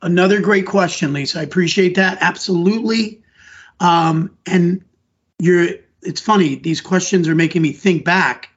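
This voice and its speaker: A middle-aged man speaks with a husky, somewhat high voice, earnest and rambling as he restarts sentences mid-thought. He sounds like a teacher talking through interview answers. The audio is dull and lo-fi. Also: moderate pace. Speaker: elementary school teacher. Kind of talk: conversational podcast interview answers.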